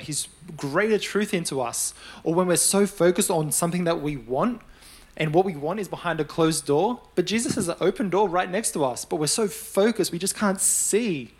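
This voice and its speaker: A young adult man preaching a sermon in a conversational style, acting out the voices of the people he quotes. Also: on the high side. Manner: conversational, animated storytelling with acted-out quotes.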